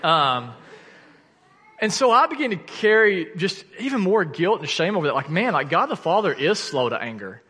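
A man in his thirties preaching a sermon, telling a personal story in an earnest, animated way that falls to quiet intensity. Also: sits high, normal speed, husky. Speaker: pastor. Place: church sanctuary. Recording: church hall reverb.

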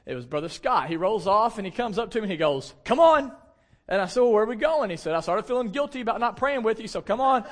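Lively pastor telling a story. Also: male voice, high voice, quick pace, few pauses. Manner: lively, self-deprecating storytelling with casual fillers. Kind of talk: storytelling sermon.

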